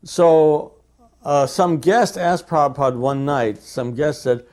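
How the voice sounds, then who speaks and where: A man recalling memories as a devotee, telling his anecdotes in a lively way and acting out the lines he quotes. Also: on the high side, slow pace. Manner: lively storyteller who acts out quoted lines.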